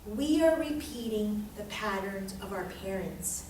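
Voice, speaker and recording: A woman's voice: medium pitch, measured pace, a little hiss or hum. A woman teaching a live workshop to an audience, telling stories animatedly and acting out the people in them. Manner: animated storytelling, quotes people in their voices. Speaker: astrology teacher. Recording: echoey room, voice from far off.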